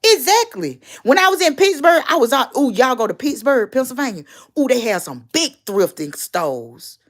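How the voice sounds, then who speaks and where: A woman's voice: sits high, normal speed. Blunt, profane woman livestreaming. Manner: blunt, profane, loudly animated. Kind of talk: casual livestream gossip commentary.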